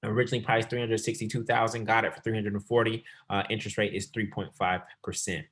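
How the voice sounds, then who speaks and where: A man hosting a real estate investing webinar as coach, talking fast and calling the audience y'all. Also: lowish voice, flat delivery, a bit bright. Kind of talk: sales webinar presentation.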